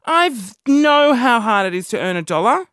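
A woman's voice: a little high, normal speed, clear, resonant tone, dry recording, clean studio sound. A young woman with an Australian accent, hosting a casual, rambling monologue and poking fun at herself. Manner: animated, rambling, self-mocking.

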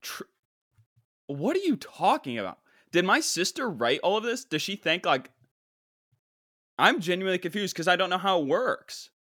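Podcast host, young man, animated comic disbelief, dry sound. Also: high-pitched, moderate pace, long pauses, no room sound. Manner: incredulous, animated, mock-exasperated. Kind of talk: casual comedic reaction.

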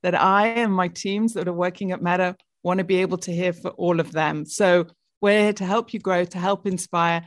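A woman's voice: fairly low pitch, steady tone, normal speed, no room sound. Woman, British accent, executive guest, upbeat polished talk, dry close recording. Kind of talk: interview answers.

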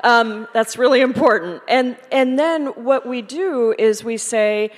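A woman's voice: on the high side, unhurried. A woman, a congresswoman, explaining a policy confidently and emphatically, listing points at a live event. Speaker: congresswoman, panel guest. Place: large hall with an audience. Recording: hall reverb with crowd behind.

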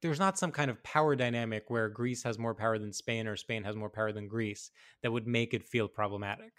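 A man co-hosting a comedy podcast in casual chat, talking in animated bursts with frequent restarts. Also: fairly low pitch, fairly quick. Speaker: podcast co-host.

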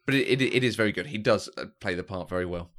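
A man's voice: on the low side, quick pace, fairly bright tone. A man, co-hosting a casual film discussion, who often stops and repeats words as he starts a thought. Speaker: podcast co-host.

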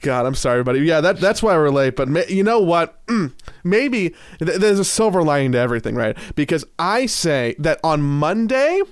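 A man's voice: on the high side, big pitch swings, moderate pace, no room sound, clean studio sound. A young man co-hosting a casual podcast, rambling and self-mocking, still a bit congested from a cold. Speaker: podcast co-host.

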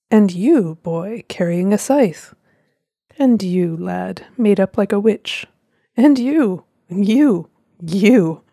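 A woman voicing a theatrical, sepulchral old male spirit who talks slowly and grandly. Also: mellow, no echo, clean studio sound. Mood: mocking. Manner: slow, booming, grandly ominous.

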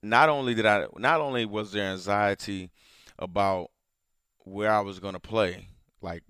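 A man with a smooth, resonant, fairly low voice talks in a casual, excitable podcast chat and rises in pitch and volume when worked up. He is close on a dry mic. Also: measured pace, no echo. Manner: excitable, laughs loudly, gets louder and higher when worked up. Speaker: podcast co-host.

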